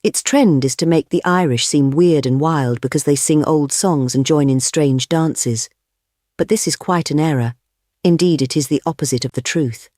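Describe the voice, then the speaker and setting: Mellow, measured male audiobook narrator. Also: fairly high pitch, no room sound, studio quality. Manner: measured, deliberate reading with phrase-by-phrase pauses. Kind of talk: scripted audiobook reading of essays.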